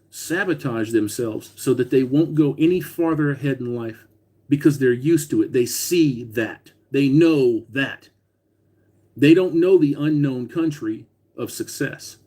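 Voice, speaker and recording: A man's voice: mid-range voice, darkish tone, breathy edge. A man hosting a casual livestream, talking bluntly with lots of swearing and reading out viewer comments as he goes. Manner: profane, blunt, reads viewer comments aloud. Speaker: livestream host.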